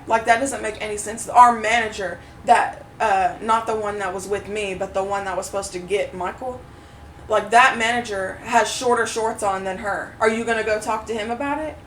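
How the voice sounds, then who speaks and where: A woman co-hosting a podcast, telling a story in a casual, animated way, swearing freely and acting out what others said. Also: mid-range voice, moderate pace. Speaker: podcast co-host. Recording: roomy echo, mic at a distance, faint noise.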